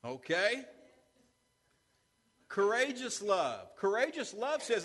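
A man's voice: on the high side, very animated, normal speed, fairly bright tone, long reverb tail. A man preaching a sermon as pastor, with call-and-response asides to the congregation. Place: church sanctuary.

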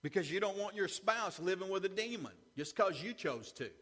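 Pastor, male, high voice, lively sermon delivery with "amen?" asides, long church reverb. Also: normal speed. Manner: animated preaching with call-and-response asides. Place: church sanctuary.

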